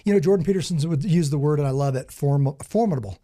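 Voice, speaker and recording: A man's voice: on the high side, fast talker, dry recording, studio quality. A man guest on an interview podcast, talking with emphatic, preacher-like conviction and acting out the people in his stories. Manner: animated storyteller, acts out quoted dialogue. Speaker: podcast guest, security company founder. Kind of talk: conversational interview.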